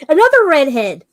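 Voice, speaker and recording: A woman talking as a guest in a casual chat, playful with dry humor and chuckles. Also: high voice. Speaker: guest, reseller.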